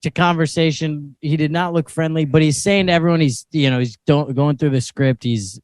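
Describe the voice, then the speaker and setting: Young male podcast co-host, fairly high voice, dry close sound, laughing storyteller. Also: steady tone, fairly quick, a little mellow, clear, resonant tone, dry recording. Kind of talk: casual chat.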